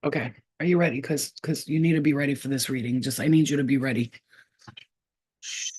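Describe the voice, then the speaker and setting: A woman's voice: extremely low pitch, a little mellow, husky. A woman giving a spiritual reading straight to camera in a casual, blunt and profane way. She repeats points for emphasis and stops often as she sounds out names she says she is receiving. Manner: halting, trailing off while sounding out names. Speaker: psychic reader.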